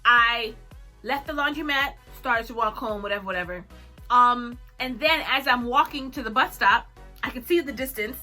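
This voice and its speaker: Bright, high-voiced young woman storyteller. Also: normal speed, faint music behind. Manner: animated, dramatic storytelling with frequent laughs. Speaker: vlogger. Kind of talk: storytime chat.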